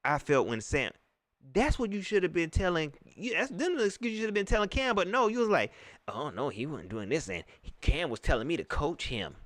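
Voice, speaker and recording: A man's voice: high-pitched, wildly swooping pitch, brisk, a bit bright, no room sound. A man hosting a post-game livestream, ranting in repetitive casual slang. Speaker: livestream host.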